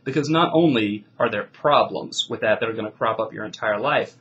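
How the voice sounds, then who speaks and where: A man's voice: lowish voice, a little fast, fairly bright tone, highs cut off, slight background noise. A man coaching debaters, giving instruction in an emphatic, declarative way. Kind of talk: instructional talk.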